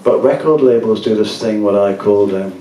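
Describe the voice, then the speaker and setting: A man's voice: fairly low pitch, normal speed, mellow, slight background noise. A man, telling rambling, laughing anecdotes to an audience at a gallery event. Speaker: musician speaking at a book event. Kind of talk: casual talk to an audience. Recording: echoey room from far off.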